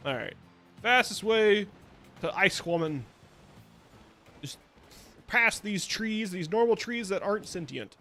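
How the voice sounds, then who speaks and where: Young guy streaming a game, rambly and chatty, kinda high voice, faint music behind. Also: animated, takes it slowly, long pauses, bright, forceful tone. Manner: rambling, chatty, laughs often, silly sing-song asides. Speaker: VTuber streamer. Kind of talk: casual gameplay stream chat.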